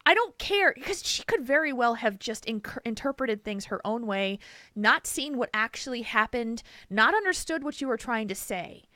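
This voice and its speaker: A woman hosting a podcast, telling a story in an animated, emphatic way and laughing often. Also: a little high, normal speed, no echo. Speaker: podcast host. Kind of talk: casual chat, storytelling.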